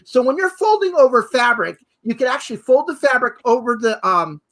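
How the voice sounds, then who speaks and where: A man's voice: extremely high pitch, lively intonation, a little fast, fairly bright tone. A man, a costume designer and co-host, showing off sewing tools in an exuberant chat full of exclamations. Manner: exuberant, exclaims and repeats "fabulous" and "hello". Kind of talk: enthusiastic product demo chat.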